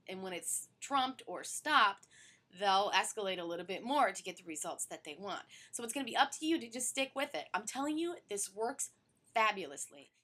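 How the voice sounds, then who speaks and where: A woman stress therapist teaching to camera in a voice of middling pitch. She talks with lively energy and keeps dropping her voice to a hushed near-whisper to show a point. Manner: animated, drops to soft near-whispers to demonstrate. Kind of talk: instructional talk to camera.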